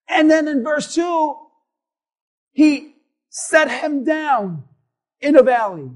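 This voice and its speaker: Male preacher, very high voice, fervent and emphatic, quiet-to-shouting swings, rhetorical questions. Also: expressive, takes it slowly, pauses often. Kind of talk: sermon.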